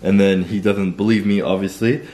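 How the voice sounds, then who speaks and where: A man's voice: sits low, steady tone, moderate pace, warm tone. Casual, profane young man. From Canada. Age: young adult. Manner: loose and profane, heavy use of "like". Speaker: vlogger. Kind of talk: casual storytelling.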